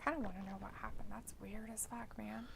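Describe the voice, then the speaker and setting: A woman hosting a casual live watch-along stream, chatty and quick to react out loud, often asking questions. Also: medium pitch, steady tone, vocal fry, crowd noise. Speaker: stream host.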